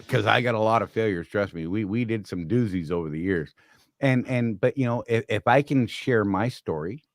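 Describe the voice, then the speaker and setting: A man's voice: on the low side, no room sound. Earnest chatty male co-host, dry sound. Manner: earnest, repeats and restarts words. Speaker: podcast co-host. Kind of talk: casual chat.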